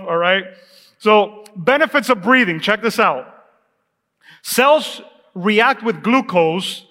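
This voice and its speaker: A man delivers a sermon as pastor, his voice sitting high and ringing bright. He talks in a lively, conversational way, tossing questions and asides to his congregation. The sound carries a long reverb from the church sanctuary. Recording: echoey church hall.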